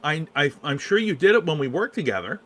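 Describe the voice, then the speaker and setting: A man's voice: on the high side, sing-song, a little fast, a bit bright. A man hosting a casual video call chat, stammering and enthusiastic as he listens. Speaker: host.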